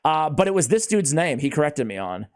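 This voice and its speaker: Excitable man with a lively, high voice. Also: fairly quick. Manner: excitable, laughs often, says "man" and "dude". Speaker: host. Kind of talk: casual gaming chat.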